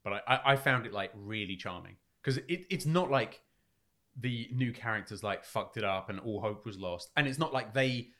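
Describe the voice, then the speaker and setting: A man co-hosting a casual film podcast, thoughtful and halting, often restarting his sentences. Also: on the low side, animated, bright, forceful tone. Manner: hesitant, many fillers and restarts, reflective. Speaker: podcast co-host.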